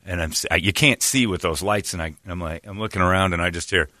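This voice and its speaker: A man hosting a radio show in casual talk, telling stories and acting out the people in them loudly. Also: on the low side, quick pace, hardly any pauses, dry recording. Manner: animated storyteller, acts out quotes loudly.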